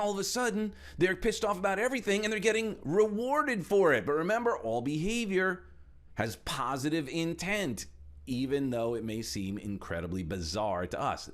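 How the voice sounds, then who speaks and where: A middle-aged man, a motivational speaker and trainer, delivers an animated talk at normal speed in a medium-pitched voice. He swings from loud emphasis to hushed asides while acting out the voices he quotes.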